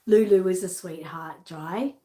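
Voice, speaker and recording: A woman's voice: fairly low pitch, measured pace, dark tone. A middle-aged Australian woman presenting dolls for sale in a bubbly, chatty way, often laughing at herself. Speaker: doll seller and presenter. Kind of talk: chatty live sales showcase. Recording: roomy echo.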